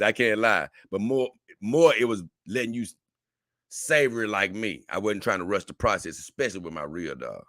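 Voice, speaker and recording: Male host, low bright voice, laid-back chatty delivery, dry close sound. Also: no echo. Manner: relaxed, drawling, with many fillers. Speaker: channel host reading viewer comments. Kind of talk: casual livestream chat.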